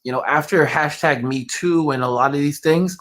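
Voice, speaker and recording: A man's voice: a little high, normal speed, a bit bright. A man hosting a casual livestream, answering his chat in a rambling way with many fillers and restarts. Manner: rambling, heavy use of "like" and restarts. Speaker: livestream host reading chat.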